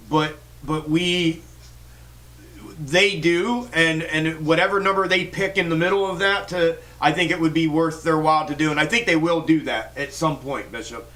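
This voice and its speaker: A man's voice: a little high, sharp tone, poor audio. Fired-up man streaming stock talk. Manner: fired-up, rambling, profane, many restarts and fillers. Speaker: stock market livestream host. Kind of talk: casual livestream chat reading viewer comments.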